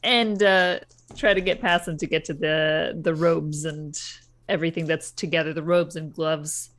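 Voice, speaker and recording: A woman playing a tabletop game in a casual, expressive way. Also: moderate pace. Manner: expressive, lively swings in pitch. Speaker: player.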